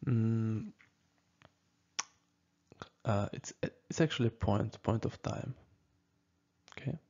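Slow, husky man teaching a lesson. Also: on the low side, dark tone. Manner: slow, halting, many fillers, checks with "okay?". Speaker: language teacher. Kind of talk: casual spoken lesson. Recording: dull lo-fi recording.

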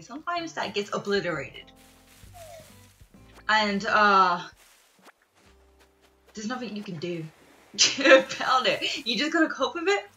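A young woman streamer rambling in casual chat, excitable, with lots of fillers and laughs. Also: fairly high pitch. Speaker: gaming streamer.

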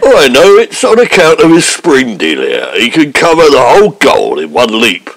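A man voicing a leering older male sidekick in a comedy radio pastiche, with a low, chuckling manner. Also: huge pitch swings, moderate pace, heavy background noise.

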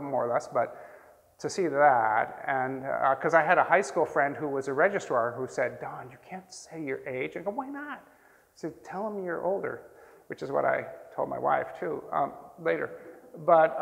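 A man in his sixties, a printmaker, telling rambling, animated anecdotes to an audience. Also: on the high side, vocal fry. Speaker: printmaker telling stories at a talk. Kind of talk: casual storytelling to an audience. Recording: roomy hall with long reverb.

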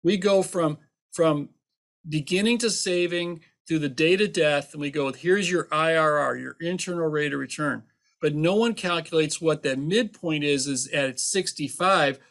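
A man's voice: on the high side, normal speed, a bit bright. A man who is an accountant and author, answering interview questions with emphatic, teasing explanations and everyday examples.

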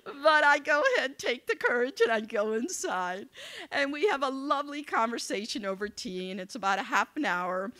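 A woman giving a motivational speech to young people, telling a story in an animated, conversational way and acting out the dialogue. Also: a little high, moderate pace. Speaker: keynote speaker. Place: event venue.

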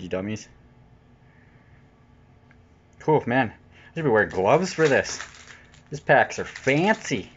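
Man, casual unboxing commentary, jokey, excitable, average pitch, dull lo-fi audio. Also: moderate pace, slight background noise. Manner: chatty, jokey, prone to excited outbursts. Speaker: channel host unboxing cards. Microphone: off-camera voice-over mic.

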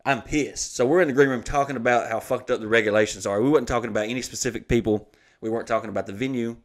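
Brief: male comedian host, mid pitch, heated and profane anecdote delivery. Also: steady tone, fast. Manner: heated, swearing, acts out quoted people.

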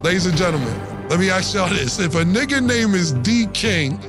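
A man with a fairly high voice trades jokes and stories on a casual podcast, breaking into laughter again and again. His delivery is loose, profane and playful, with loud music running behind him. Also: expressive, normal speed. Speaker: podcast co-host. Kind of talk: casual comedic banter.

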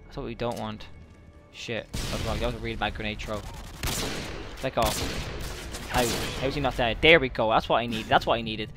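A young man giving casual gameplay commentary, excitable and swearing often, with sudden outbursts. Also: medium pitch, normal speed, pauses often, loud music behind the voice. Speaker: gaming channel host.

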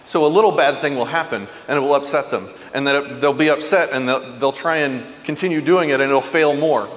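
A man giving a parenting talk, telling stories earnestly and going soft and low for tender points. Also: brisk, big-room sound. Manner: earnest, animated storyteller, drops soft and low for tender moments. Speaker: parenting speaker. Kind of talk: motivational talk.

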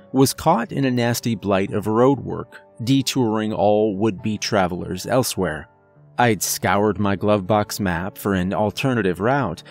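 A man reading a first-person horror story in a measured storytelling voice, as a trucker. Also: lowish voice. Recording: narration with faint music underneath.

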